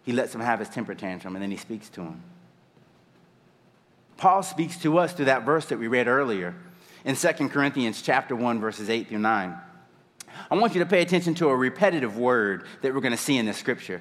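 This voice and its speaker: A man preaching a sermon in a church, retelling a story in an animated, conversational way. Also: medium pitch, brisk, in a large hall. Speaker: pastor.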